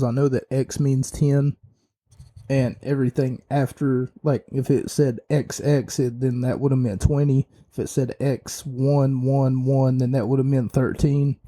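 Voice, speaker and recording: A man's voice: mid-range voice, warm tone. A man hosting a podcast, giving an opinionated, rambling wrestling review with many fillers and restarts. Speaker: podcast host.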